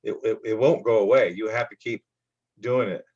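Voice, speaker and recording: A man's voice: lowish voice, steady tone, moderate pace, a little mellow, husky, dull audio. A man coaching on business credit in a rambling motivational monologue, full of restarts and repeats. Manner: rambling, repetitive, with many restarts.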